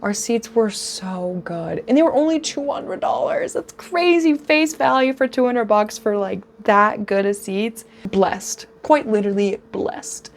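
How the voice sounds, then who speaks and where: Excitable young woman telling a story. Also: mid-range voice, slight background noise. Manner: gushing, excitable storytelling with rapid bursts. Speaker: vlogger. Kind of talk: storytime vlog.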